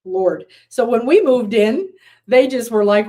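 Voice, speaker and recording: On a computer with screen sharing, a spiritual teacher runs a casual live-streamed class, reading and replying to viewer comments. Her voice is on the high side, slow and dark, and she rambles through stories with many fillers and restarts.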